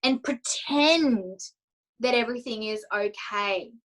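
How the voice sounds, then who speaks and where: A woman's voice: a little high, slow, low-quality recording. A woman coach telling her personal story in an interview, emotional and candid, acting out her own inner thoughts as she speaks. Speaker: confidence coach, interview guest.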